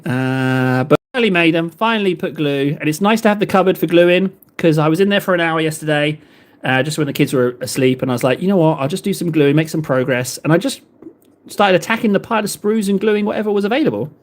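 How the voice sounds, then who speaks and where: Rambling English man, lively pitch swings. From England. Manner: rambling, rhetorical questions, playful. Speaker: livestream host painting miniatures. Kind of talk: casual chat with viewers.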